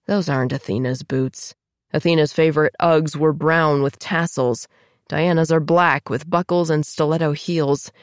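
Female audiobook narrator, low voice, tense emotional first-person read, dry close mic. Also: steady tone, moderate pace, dry recording.

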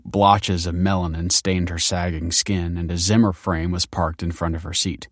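A man narrating a story in a measured, wry manner. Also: low-pitched, level tone, no room sound, clean studio sound. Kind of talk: scripted narration.

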